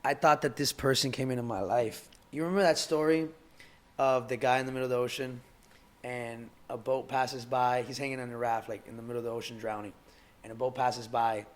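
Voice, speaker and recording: A young man appears as a guest on a podcast, talking in a casual conversation that's heartfelt and halting. He often repeats words while searching for the right ones, his voice medium in pitch and steady in tone.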